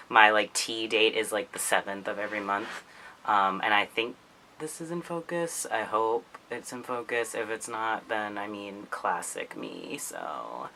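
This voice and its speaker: Chatty man with a bright voice. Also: lowish voice, a little hiss or hum, rough recording. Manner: chatty, heavy use of "like", laughs often. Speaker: vlogger. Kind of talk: casual vlog chat to camera.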